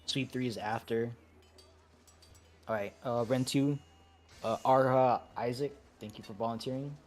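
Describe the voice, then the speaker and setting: A man at mid pitch, calmly organizing an online game raid over voice chat. He talks loosely and haltingly, stopping to restart sentences and filling gaps with "uh". He sounds like he is on a headset mic at home. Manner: relaxed, halting, many fillers and restarts. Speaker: raid leader.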